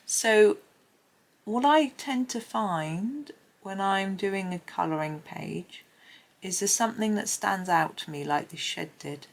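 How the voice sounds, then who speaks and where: In a creaky, mid-range voice and at a slow pace, a woman talks through a colouring tutorial as she goes. Chatty and thinking aloud, she drops into a murmur every so often.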